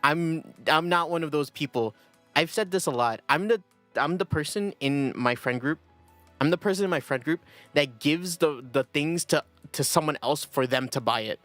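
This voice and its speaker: A man's voice: a little high, normal speed, a bit bright, no echo, soft background music. A young man chatting casually on a livestream, rambling and self-deprecating, often breaking into laughter. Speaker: streamer.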